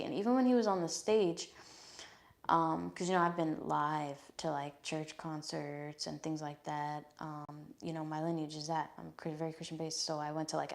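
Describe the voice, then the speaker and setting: A woman's voice: lowish voice, darkish tone. A young woman giving a casual live-stream tarot reading, chatty and frank, often swearing and checking in with "okay?". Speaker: tarot reader.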